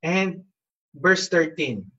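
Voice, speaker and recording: A man's voice: on the high side, animated, very slow, bright, forceful tone, dull audio. A man preaching a devotional sermon as a pastor, earnest and exhorting, with frequent "you know" fillers.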